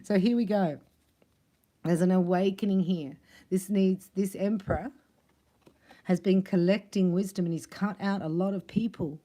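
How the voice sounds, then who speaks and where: A woman giving a casual spiritual tarot reading, chatty and quick to laugh. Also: mid-range voice, fairly even intonation, dark tone. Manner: chatty, laughs often, acts out other voices. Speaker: tarot reader.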